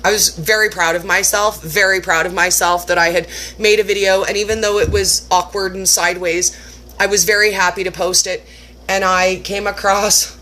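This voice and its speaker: A woman of middle pitch hosts her own cooking video, chatting casually through a self-mocking story and laughing often. She moves into a home kitchen demonstration. A faint hum of background noise sits under the voice. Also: normal speed, sharp tone. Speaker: cooking channel host.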